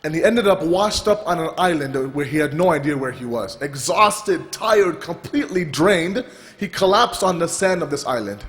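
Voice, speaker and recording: High-voiced man preaching in a hall. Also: normal speed. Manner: animated storytelling with repeated restarts. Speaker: religious speaker. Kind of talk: sermon storytelling. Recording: reverberant hall.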